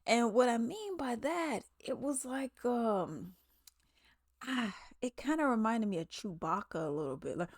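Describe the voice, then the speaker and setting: A woman's voice: on the high side, lively intonation, measured pace, no echo, studio quality. A woman in a casual, chatty commentary vlog, talking in slangy asides. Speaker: commentary vlogger. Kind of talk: casual chat.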